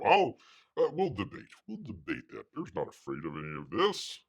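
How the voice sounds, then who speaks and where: A man's voice: lowish voice, wildly swooping pitch, normal speed. A man hosting his own livestream show, ranting in a sarcastic, mocking way with lots of filler words. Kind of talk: casual ranting commentary.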